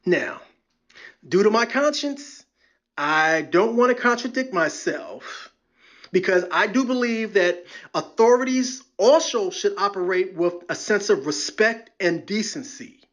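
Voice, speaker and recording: A man's voice: high-pitched, lively intonation, unhurried, a bit bright. A man hosting a solo podcast, quoting scripture and joking wryly in a preachy way. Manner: preachy, wry, quotes scripture and jokes. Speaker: podcast host.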